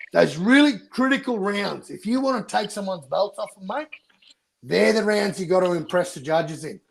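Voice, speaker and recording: A man's voice: on the high side, gravelly, fairly bright tone, a little hiss or hum, poor audio. An Australian man, a boxing YouTuber, arguing passionately in casual debate and swearing a lot.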